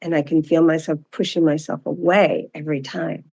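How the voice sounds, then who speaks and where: A woman, a guest in a self-inquiry session, talking candidly and reflectively, a bit halting. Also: deep voice, fairly even intonation, gravelly, a little mellow, slightly rough.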